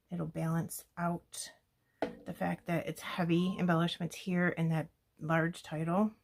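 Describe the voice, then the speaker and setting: A woman hosting a scrapbooking video, chatting and thinking aloud as she works, often dropping to a soft murmur. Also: on the low side, level tone, unhurried, background noise. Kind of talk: casual crafting talk-through.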